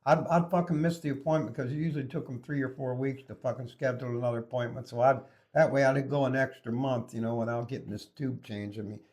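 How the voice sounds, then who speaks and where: A man's voice: medium pitch, fairly even intonation, quick pace, darkish tone. A man on a podcast, telling crude, profane stories in a rambling, casual way. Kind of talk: casual storytelling.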